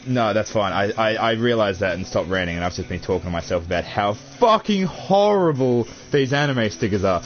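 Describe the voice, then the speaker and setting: A young man, chatting casually and crudely while unboxing, swearing a lot and calling everyone dude and bro. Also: mid-range voice. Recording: dull lo-fi audio with faint music.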